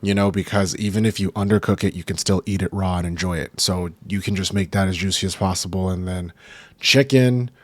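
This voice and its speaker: A man's voice: sits low, fairly even intonation, fairly quick, dry recording. A young man hosting his own podcast, rambling and profane in a laid-back, casual way. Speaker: podcast host. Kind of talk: casual solo podcast chat. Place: home recording room.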